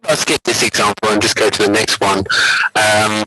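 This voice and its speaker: Man, conference lecturer, explanatory, acts out quotes, low-ish pitch, faint background noise. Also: fairly even intonation, normal speed. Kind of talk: academic conference talk.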